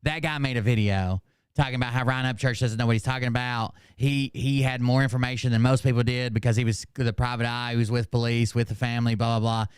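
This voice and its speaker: A man's voice: medium pitch, fairly even intonation, quick pace, smooth, no room sound, clean studio sound. A man hosting casual reaction commentary, sarcastic and hesitant with ums. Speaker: commentary host.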